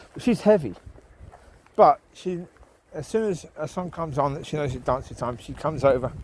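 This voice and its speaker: A man with a fairly high voice rambles chattily as he walks his dogs along a rural path by the water, vlogging and talking to them. The background is noisy.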